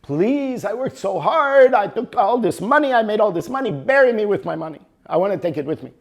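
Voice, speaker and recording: A man's voice: sits high, sing-song, brisk, pitched above the performer's own voice. A man voicing a dying rich old man who insists on keeping his money, first weak and then pleading.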